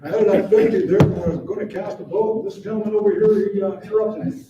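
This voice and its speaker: A man chairing a council meeting, brisk, calling on speakers and running votes. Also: high voice, fairly even intonation. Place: council chamber. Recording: echoey room, distant mic, muffled, noisy.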